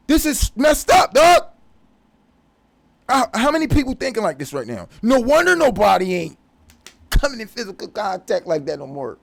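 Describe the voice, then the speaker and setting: A man's voice: high-pitched, vocal fry. A man delivering a profane, confrontational religious rant as a vlogger. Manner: profane, aggressive, preachy.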